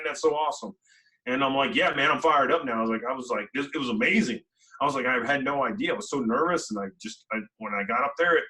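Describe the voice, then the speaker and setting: A man recounts his experiences as a podcast guest, animated and chatty, using plenty of fillers and acting out the dialogue. His voice has a bright, forceful edge. He sits slightly back from the microphone. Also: mid-range voice, far from the mic, low-quality recording. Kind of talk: conversational storytelling.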